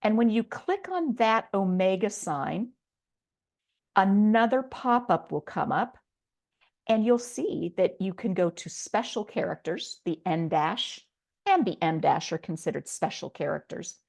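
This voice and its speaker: A woman's voice: mid-range voice, expressive, a little slow, vocal fry, a little mellow. A middle-aged woman teaching a writing lesson online, explaining step by step in a patient way with a few fillers. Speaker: writing instructor.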